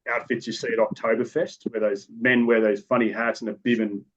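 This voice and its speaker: A man's voice: mid-range voice, level tone, fairly quick. A man with an Australian accent, a police officer telling stories from the job in a podcast interview, in a matter-of-fact, rambling way with restarts. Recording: dull lo-fi recording.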